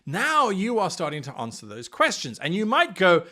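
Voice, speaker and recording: Enthusiastic male game-master coach, high voice, wide swoops, acts out players. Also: moderate pace. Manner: animated, playfully acts out players and dabbles in accents. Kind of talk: enthusiastic advice video.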